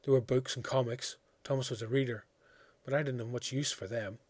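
A man narrating a literary story in a measured, quiet, reflective way. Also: mid-range voice, fairly even intonation, no echo. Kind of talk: audiobook reading of a literary story.

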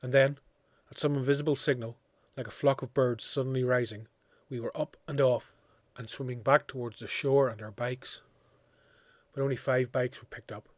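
A man narrating a literary story in a measured, quiet, reflective way. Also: medium pitch, fairly even intonation, no room sound. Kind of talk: audiobook reading of a literary story.

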